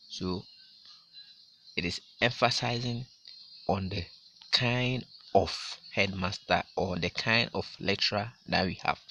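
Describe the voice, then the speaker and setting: A male teacher walks his class through a grammar lesson, repeating each example and leaning hard on the key words. His voice sits a little low but sounds bright and forceful. A faint hiss runs underneath. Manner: slow, repetitive explaining with emphatic stress.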